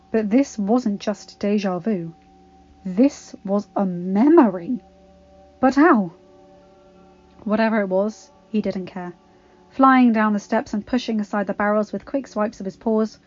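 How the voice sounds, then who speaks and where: A woman reading a fanfiction story aloud with expressive, dramatic narration. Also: medium pitch, lo-fi sound. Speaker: fanfiction reader.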